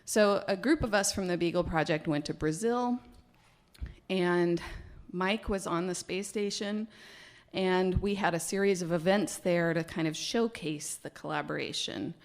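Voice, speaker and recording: A woman biologist telling a personal story live on stage, animated and laughing, with hesitations and fillers. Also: lowish voice, gravelly.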